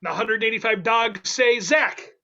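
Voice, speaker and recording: High, bright-voiced man hosting improv. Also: muffled recording. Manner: playful, quick, laughing asides. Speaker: improv game host. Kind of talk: hosting an online improv game.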